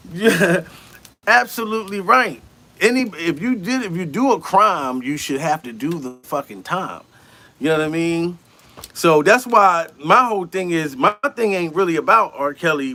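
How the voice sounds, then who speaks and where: A man with a bright, forceful voice that sits somewhat high delivers a comic rant. He swears freely, sounds incredulous and keeps breaking into laughter as he riffs. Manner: animated, incredulous, laughs often, heavy swearing. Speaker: comedian commentator. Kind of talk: profane comedic rant.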